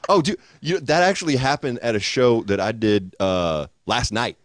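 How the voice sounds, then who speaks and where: A man co-hosting a comedy podcast, chatting casually and throwing in quick jokes. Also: mid-range voice, no echo, studio quality. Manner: quick, joking interjections. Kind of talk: casual chat.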